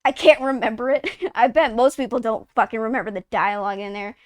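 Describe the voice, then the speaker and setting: Talking briskly on a live stream, a Texas woman in her twenties has a fairly high voice with a steady tone. She rambles casually, cursing frequently and leaning heavily on "like," and the recording is dry.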